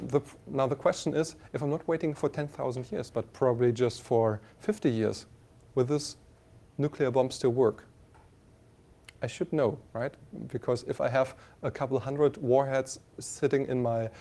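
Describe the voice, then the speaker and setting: A man with a German accent giving a university lecture, halting with many fillers and restarts, often asking the class questions. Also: mid-range voice, warm tone.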